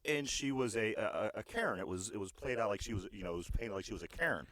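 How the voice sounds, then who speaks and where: A man's voice: on the low side, expressive, fast talker, a bit bright, no room sound. A man with a Pittsburgh accent co-hosting a casual podcast, telling rambling stories with crude humor. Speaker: podcast co-host. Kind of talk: casual chat.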